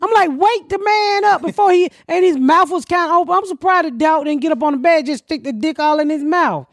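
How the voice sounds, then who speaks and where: A woman's voice: high voice, quick pace, dry recording, studio quality. A woman who hosts a podcast tells crude, laughing stories in during a casual chat. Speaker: podcast host.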